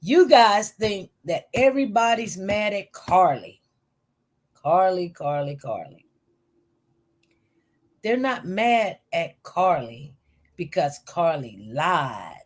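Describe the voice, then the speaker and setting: A woman's voice: fairly low pitch, takes it slowly, pauses often. A woman giving casual, emphatic commentary on news stories, repeating herself and talking informally. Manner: emphatic, repetitive, animated.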